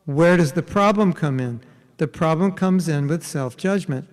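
A man's voice: on the high side, moderate pace. Man giving a spiritual talk in a reverberant hall. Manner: conversational, often checks in with the listeners. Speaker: spiritual teacher. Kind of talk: interactive spiritual workshop talk.

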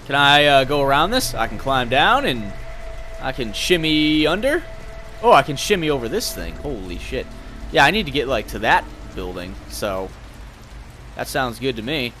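Young guy narrating his gameplay, cussing, thinking out loud, voice all over the place. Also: mid-range voice, normal speed, faint music behind. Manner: excitable, swearing, thinking aloud. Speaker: gameplay commentator. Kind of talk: casual gameplay commentary.

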